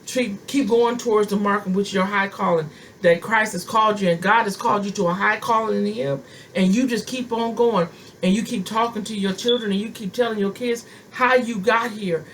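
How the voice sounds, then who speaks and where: Middle-aged woman preacher, fervent sermon delivery, repeats lines for emphasis, ordinary pitch, a little background noise. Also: moderate pace. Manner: impassioned, emphatic repetition. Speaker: prophetess.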